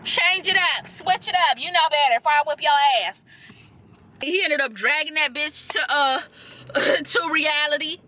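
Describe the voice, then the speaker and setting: A young woman chatting casually in a reaction vlog, animated, slangy and blunt, with playful trash talk. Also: high voice, a little slow. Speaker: reaction vlogger. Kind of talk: casual chat.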